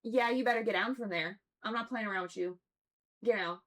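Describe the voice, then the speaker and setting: A woman's voice: on the high side, fairly quick, a bit bright. A young woman streaming a game, chatting playfully and talking to her pet. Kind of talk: casual gameplay commentary.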